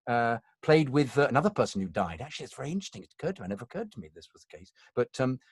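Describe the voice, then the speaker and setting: An actor in his sixties chats as a guest and tells stories from his career. He rambles, restarts and corrects himself as he goes. His voice sits at a middling pitch in a dry setting with little room sound. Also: very animated, very fast, slightly rough, no echo. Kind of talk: casual anecdotal chat.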